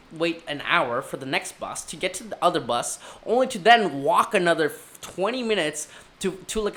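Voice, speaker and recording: A man's voice: on the high side, pushed and bright. A young man giving casual career advice. He tells stories animatedly, swears casually and acts out the dialogue.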